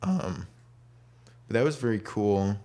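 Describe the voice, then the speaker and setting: Speaking slowly with big pitch swings, a young man with a low, mellow voice co-hosts a podcast. He rambles casually, fills his speech with fillers, and acts out quotes.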